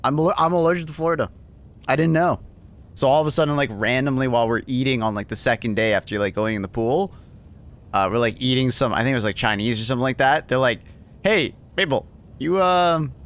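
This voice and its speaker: A man's voice: medium pitch, quick pace. A man hosting a livestream in casual chat, laughing often and swearing loosely as he reads messages.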